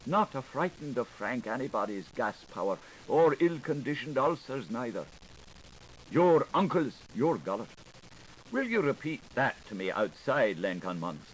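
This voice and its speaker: A man's voice: mid-range voice, sing-song, unhurried, slight background noise, low-quality recording. Theatrical man reading a literary audiobook. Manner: theatrical, switching between voices of questioners and the answerer. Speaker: audiobook reader.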